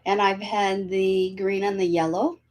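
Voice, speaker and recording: A woman guest in a casual livestream chat, enthusiastic and quick to agree. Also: mid-range voice, little pitch movement, darkish tone.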